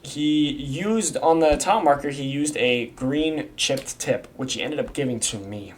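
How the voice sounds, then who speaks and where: A man's voice: on the high side, a little slow, a little hiss or hum. A young man in casual video commentary, rambling from one point to the next. His talk is slangy and full of swearing, with frequent restarts. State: has the hiccups. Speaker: YouTube creator explaining a community iceberg.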